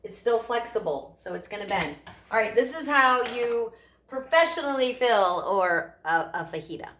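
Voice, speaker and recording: With a fairly high, bright, expressive voice at normal speed, a woman of Italian family background hosts a casual cooking demonstration at home. Chatty and eager, she quizzes herself aloud and answers right back, while the kitchen sounds echoey with faint noise.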